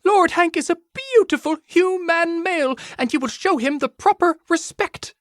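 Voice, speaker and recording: A man's voice: very high voice, expressive, normal speed, no room sound, studio quality, pitched above the performer's own voice. A man voicing a sweet, eager female bunny girl who speaks meekly and devotedly. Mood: indignant.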